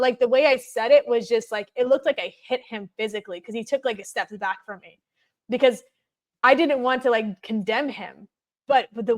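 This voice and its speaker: Woman guest, somewhat high voice, rambling conversational storyteller with frequent fillers. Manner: chatty, many fillers of "like".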